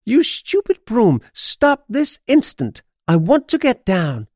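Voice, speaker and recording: A headstrong witch who wants to be truly evil , played by a male reader in a children's storybook. She sounds high and impatient, and turns shrill when things go wrong. The reading is dry and close. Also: sing-song, unhurried, a little mellow, dry recording. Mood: shrieking. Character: stubborn, boastful witch eager to be evil.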